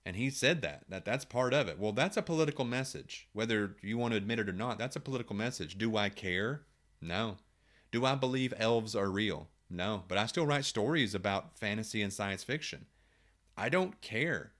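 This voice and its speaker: A man's voice: fairly low pitch, lively intonation, normal speed, fairly bright tone. A man, a writer, talking casually to camera, thinking aloud with rhetorical questions and frequent restarts.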